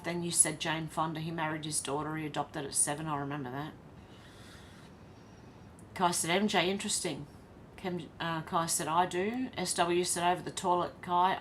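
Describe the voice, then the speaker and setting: A woman's voice: lowish voice, a bit bright, a little hiss or hum. An Australian woman hosting a casual live stream. She reads viewer comments aloud and chats back to them.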